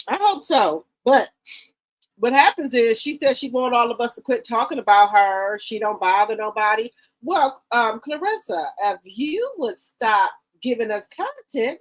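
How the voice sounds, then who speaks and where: A woman's voice: a little high, expressive, unhurried, no room sound. A woman hosting a casual livestream, greeting viewers one by one with repeated hellos in an informal, chatty way. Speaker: livestream host.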